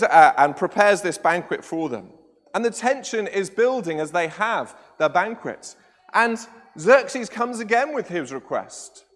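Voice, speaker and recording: Animated high-voiced preacher. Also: male voice. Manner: animated storytelling with tag questions. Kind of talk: sermon. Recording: echoey church hall with long reverb.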